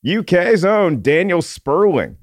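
A man's voice: sits high, very animated, slow pace, dry recording, clean studio sound. A man hosting a casual movie podcast, chatty and joking as he reads listener mail. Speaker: podcast host.

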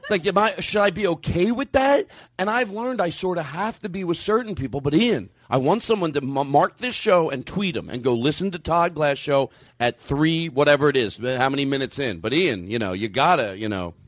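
A middle-aged man hosting a comedy podcast, ranting in an exasperated, animated way with plenty of restarts and swearing. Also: on the high side, moderate pace, few pauses, dry recording, studio quality. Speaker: podcast host.

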